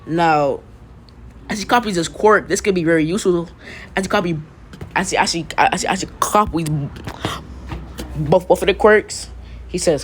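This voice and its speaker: A young man casually spinning a fan-made story off the cuff. He stammers and restarts often, piles on profane slang and chuckles at his own asides, and his pitch sits squarely in the middle. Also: normal speed, pauses often, slight background noise. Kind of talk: casual fan-fiction retelling.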